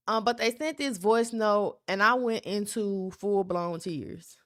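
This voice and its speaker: A woman's voice: mid-range voice, a little slow, hardly any pauses, a bit bright, no echo, studio quality. A young woman from South Memphis with a Southern accent, talking candidly and emphatically on her solo podcast. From South Memphis, USA. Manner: candid, emphatic, keeps asking "right?". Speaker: podcast host.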